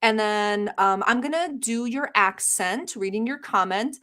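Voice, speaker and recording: A woman's voice: a little high, measured pace, pushed and bright. A woman from the Middle East hosting a reaction channel, talking bluntly with sarcasm and swearing as she comments on clips. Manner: blunt, profane, sarcastic ranting.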